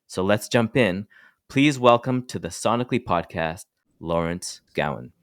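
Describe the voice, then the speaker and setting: A man's voice: low-pitched, expressive, a little slow, no echo, studio quality. A man hosting a podcast, asking loose, friendly questions with many fillers. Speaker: podcast host. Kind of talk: interview host.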